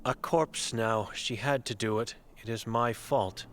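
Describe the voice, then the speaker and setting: A man's voice: medium pitch, a little slow, a little hiss or hum, lightly acted. Grim old blind woman, voiced by a man. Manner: terse, broken phrases, grave. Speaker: game character. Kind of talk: video game voice acting.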